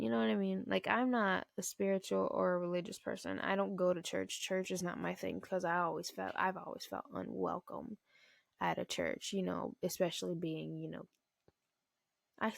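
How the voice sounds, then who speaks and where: A young woman vlogger tells a story in a blunt, profane rant with a gravelly, fry-laced voice. The sound is dry and close, with no room around it. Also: mid-range voice, no room sound. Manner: blunt, profane, animated retelling.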